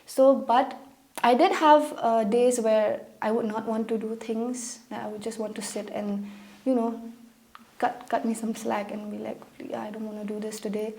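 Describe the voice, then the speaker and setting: A young woman from Meghalaya, India, talking as an interview guest about her own life. Her voice sits a little high but sounds dark and mellow, and she tells her stories with feeling, acting out the lines people said. The talk is loose and conversational. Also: normal speed, gravelly. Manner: emotional, animated storytelling with acted-out quotes. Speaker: guest, pageant contestant. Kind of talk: conversational interview, personal storytelling.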